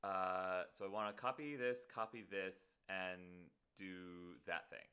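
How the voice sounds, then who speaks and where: A man chats casually with his live-stream viewers while producing a song at home. His voice sits somewhat low yet comes across bright and tense. He mutters half to himself and throws in playful self-mocking asides. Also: steady tone, slow pace, clear, resonant tone, faint music behind. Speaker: streamer making music.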